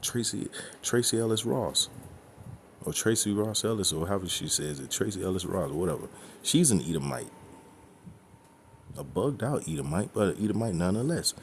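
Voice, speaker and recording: Man with a real deep low voice going through bible verses, blunt, cussing, keeps saying okay? right?, bit of faint hiss behind. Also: animated, brisk, creaky. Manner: emphatic, with frequent rhetorical "okay?" and "right?"; blunt and profane. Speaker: religious teacher. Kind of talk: informal scripture teaching.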